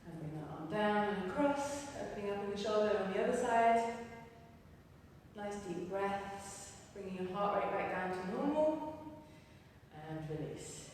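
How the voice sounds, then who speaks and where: A woman's voice: medium pitch, lively intonation, unhurried, darkish tone. Breathless woman coaching a workout, echoey. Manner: encouraging, counting down reps. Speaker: fitness instructor. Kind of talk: live workout class instruction. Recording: roomy echo, distant from the mic, faint noise.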